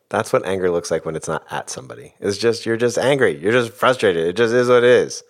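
Very deep-voiced reflective man. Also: quick pace. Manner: thoughtful, uses many fillers like "like" and "you know". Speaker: guest speaker on emotions. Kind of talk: reflective casual talk.

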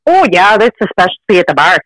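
A woman from Wisconsin calling in to a podcast over the phone, answering quickly and chattily. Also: mid-range voice, sing-song, a bit bright, low-quality recording. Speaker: caller. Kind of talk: phone call-in. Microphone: phone line.

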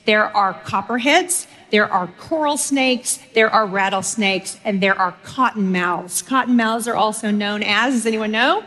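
A woman's voice: mid-range voice, measured pace, hardly any pauses, pushed and bright. Woman preacher, storytelling sermon. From Texas. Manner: humorous storytelling, speaks directly to the audience.

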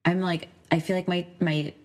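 A woman's voice: on the low side, level tone, moderate pace, a little mellow. A woman co-hosting a podcast in casual chat, chatty, teasing and giggly. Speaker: podcast co-host.

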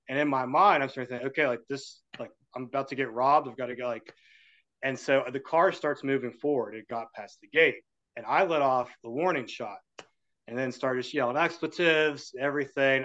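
A man's voice: mid-range voice, muffled recording. A man, a podcast guest, telling a story in a casual way and acting out the voices of the people in it. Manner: animated, acts out the voices in his story.

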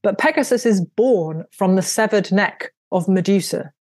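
A woman author and audiobook narrator talking in an interview, animated and quick to laugh, often making fun of herself. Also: medium pitch, dry recording. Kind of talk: conversational interview.

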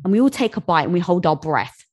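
A woman guest on an interview, telling a business anecdote in a lively way and acting out the voices of the people in it. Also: lowish voice, fast. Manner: animated, acts out voices in anecdotes. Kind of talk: casual storytelling.

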